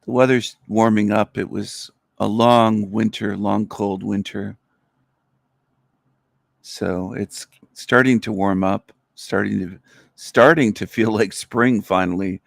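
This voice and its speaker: A middle-aged man rambles bluntly through a casual livestream monologue, his voice low and gravelly with a crackle of fry. The sound is close and dry, with no room around it. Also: fairly even intonation, slow, no room sound. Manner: blunt, rambling, crude and opinionated. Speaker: livestream host.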